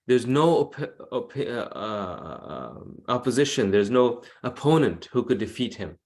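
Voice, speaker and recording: A man giving a devotional class over a video call, telling a story with earnest, animated delivery. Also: medium pitch, a little slow, gravelly.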